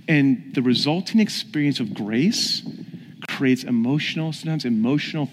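A man preaching a sermon, telling stories and putting questions to his congregation. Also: a little high. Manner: storytelling, questions the audience. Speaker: pastor. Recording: long hall reverb.

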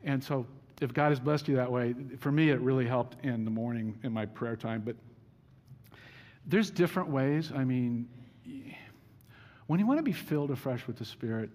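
A man's voice: medium pitch, brisk, darkish tone. Casual storytelling male preacher in a hall. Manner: casual storytelling, self-deprecating humor. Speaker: pastor. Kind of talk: sermon. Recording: reverberant hall.

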